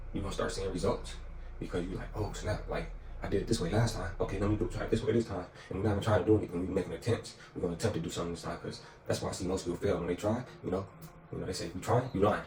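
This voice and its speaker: A man's voice: low voice, a little mellow, slight background noise. A man giving a casual motivational talk, slangy and emphatic, repeating his phrases for weight. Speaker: motivational speaker. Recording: echoey room, distant mic, music behind.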